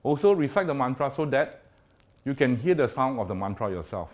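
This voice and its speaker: A man teaching a spiritual practice, explaining step by step in a deliberate way and showing each gesture as he goes. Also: mid-range voice, big pitch swings. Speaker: Buddhist teacher. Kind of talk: spoken teaching on mantra practice.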